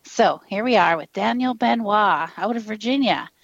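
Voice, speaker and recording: A woman's voice: medium pitch, normal speed, vocal fry, dry recording, muffled recording. A woman hosting a casual radio talk show, bubbly and laughing often, chatting with callers.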